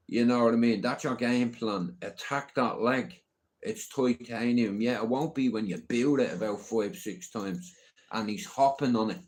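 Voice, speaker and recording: A man's voice: mid-range voice, darkish tone. Middle-aged guy rambling on his livestream, cursing a lot, keeps going "you know what i mean". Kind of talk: casual livestream rant.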